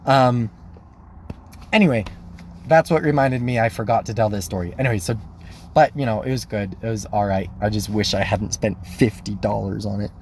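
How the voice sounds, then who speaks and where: A man's voice: on the low side, moderate pace, a little mellow, a little hiss or hum. Rambling young man telling a story. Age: young adult. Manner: chatty, full of "like" and self-corrections, laughs easily. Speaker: college student telling dating stories.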